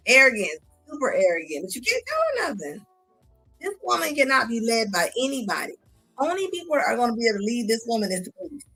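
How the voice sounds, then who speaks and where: A woman's voice: fairly high pitch, big pitch swings, quick pace, fairly bright tone, breathy edge, faint music behind. Blunt, mocking woman streamer. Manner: blunt, mocking, laughs often. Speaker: commentary streamer. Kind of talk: casual reaction commentary.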